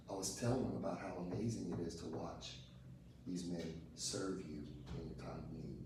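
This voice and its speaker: A man's voice: low-pitched, level tone, moderate pace. A man giving an emotional personal testimony to a group, telling it in a conversational way with many restarts. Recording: echoey room from far off with ambient noise.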